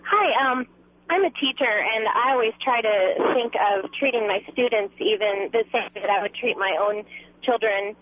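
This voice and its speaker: A woman, a teacher, calling in to a radio talk show and speaking calmly and gently. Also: fairly high pitch, moderate pace. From Illinois, US. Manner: calm, gentle, uses fillers. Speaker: caller, teacher. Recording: tinny phone line with faint hiss.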